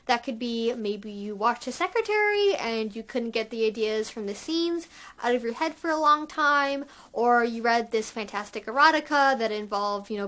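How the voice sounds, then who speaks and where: High-pitched woman rambling frankly to her channel, lots of "like"s. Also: a bit bright. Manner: chatty, frank, filler-heavy. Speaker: channel host. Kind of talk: candid conversational vlog talk.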